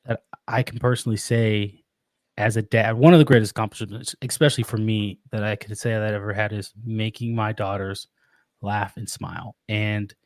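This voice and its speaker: A man talking as a podcast guest about being a father, earnest and reflective, often pausing and restarting his sentences. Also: on the low side, fairly even intonation, dry recording. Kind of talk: casual interview.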